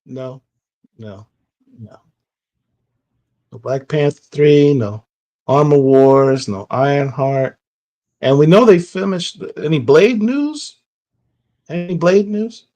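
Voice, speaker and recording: A man co-hosting a comics podcast in casual chat, excitable and quick to jump in with questions. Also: a little high. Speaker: podcast co-host.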